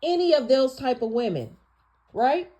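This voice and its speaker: High-pitched woman, channel host; profane, emphatic, scolding monologue. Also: big pitch swings, unhurried. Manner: emphatic, swings between loud and quiet. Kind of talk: casual rant monologue.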